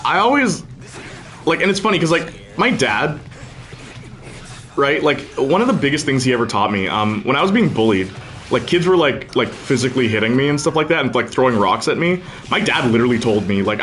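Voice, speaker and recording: Man streamer, mid-pitched, casual and rambling, lots of fillers, chats while gaming. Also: a bit bright, slight background noise. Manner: rambling, hesitant, many fillers and restarts; talks to chat and friends, laughs often.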